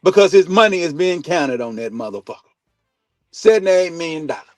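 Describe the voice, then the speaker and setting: A man hosting a sports talk stream, ranting bluntly and swearing a lot, jumping between loud outbursts and low mutters. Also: expressive, brisk, no echo, soft background music. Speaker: sports talk show host. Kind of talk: profane sports opinion rant. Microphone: streaming mic.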